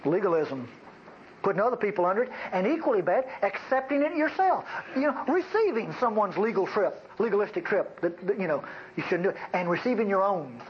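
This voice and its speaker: A man's voice: high-pitched, very animated, brisk. A man preaching a folksy, bantering sermon to his congregation, in a dull lo-fi recording. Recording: dull lo-fi recording, faint noise.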